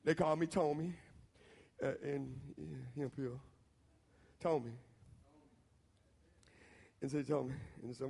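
High-voiced Southern preacher in a hall. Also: male voice, fairly even intonation, takes it slowly, creaky, long pauses, husky. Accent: Southern American. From Southern United States. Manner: folksy and talks straight to the audience, building to shouts. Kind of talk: storytelling sermon.

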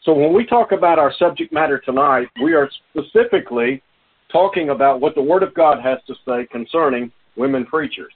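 A man preaching a sermon, his voice raspy from a cold, quoting scripture in a measured way. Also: fairly high pitch, lively intonation. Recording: tinny phone-line audio.

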